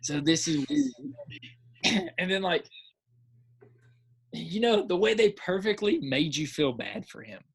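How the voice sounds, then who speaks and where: A man co-hosting a podcast, chatting casually and excitedly, rambling with lots of filler and acting out his own reactions. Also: sits high, slow, long pauses, husky. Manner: repeats filler words. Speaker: podcast co-host. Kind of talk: casual chat.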